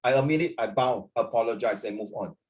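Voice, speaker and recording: This tutor, a man with a mid-range voice, talks briskly while teaching an online class over video call. He rambles animatedly and leans heavily on fillers.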